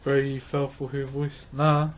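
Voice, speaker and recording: A man's voice: mid-range voice, monotone, unhurried, slight background noise. A man with a New Zealand accent chatting casually on a livestream while woodcarving, laid-back and laughing often as he greets his chat.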